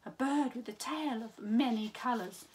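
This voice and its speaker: A woman's voice: on the high side, moderate pace, a little mellow, lightly acted. A woman voicing a sensible male Siamese cat who explains things and calls his friend back. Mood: explaining.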